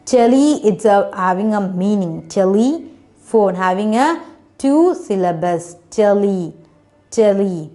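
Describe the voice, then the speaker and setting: Woman teacher doing phonics for kids, real slow, spells stuff out, keeps saying isn't it. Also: medium pitch, lively intonation, mellow. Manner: slow, spells words letter by letter; non-native English grammar, often asks "isn't it?". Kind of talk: phonics lesson for children.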